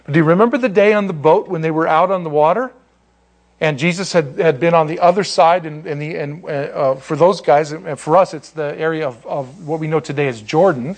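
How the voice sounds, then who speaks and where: A man teaching a Bible study to a group in a conversational, animated way, with many restarts and asides. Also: on the high side, brisk.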